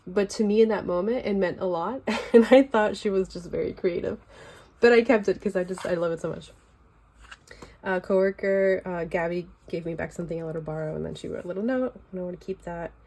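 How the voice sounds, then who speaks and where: A woman's voice: on the low side, dark tone, slight background noise. A young woman with a Californian accent, chatting casually and loosely while showing her sketchbook at home. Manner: chatty, loose and rambling with fillers. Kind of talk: casual chat.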